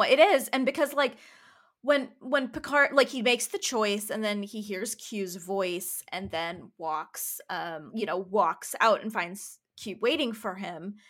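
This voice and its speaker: A woman's voice: mid-range voice, fairly bright tone. A woman talking in a casual chat, rambling and emphatic with many restarts.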